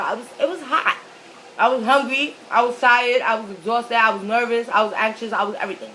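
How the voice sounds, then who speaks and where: A woman's voice: a little high, a little hiss or hum, poor audio. A young woman vlogger telling a story casually while she eats, swearing freely and acting out the people in it. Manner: animated, swearing, acts out the other people in the story. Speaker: mukbang vlogger.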